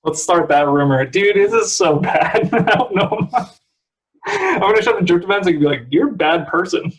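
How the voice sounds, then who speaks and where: High-pitched and very animated, this young San Francisco–area podcast guest talks at a moderate pace over poor-quality audio. His casual chat wanders through stories filled with laughter, fillers and lots of "like."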